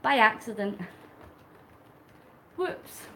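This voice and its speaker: A woman's voice: fairly high pitch, expressive, extremely slow, pushed and bright, a little hiss or hum. A middle-aged woman, chatting casually on a live stream while cycling, laughing often and answering her chat. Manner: chatty, laughs often, reads out viewer comments; talks while pedalling on a bike.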